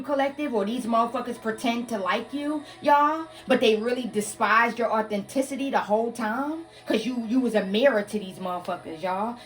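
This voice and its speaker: Higher-voiced woman w/ aave doing a blunt cussing tarot reading, kinda off-mic, faint music behind. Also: recorded from a distance. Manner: blunt, profane, addresses listeners as y'all. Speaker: tarot reader. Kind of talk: casual live tarot reading.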